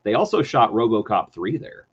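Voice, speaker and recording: A man with a Texan accent, a show co-host in casual chat, playful and quick to slip into silly voices. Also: fairly low pitch, sing-song, husky, muffled recording. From Texas. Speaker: podcast co-host.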